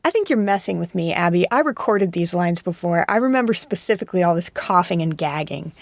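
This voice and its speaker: A woman's voice: lowish voice, animated, brisk, gravelly, no room sound. A woman voice actor in wry, casual chat between takes, complaining and joking. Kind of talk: casual studio outtake chat.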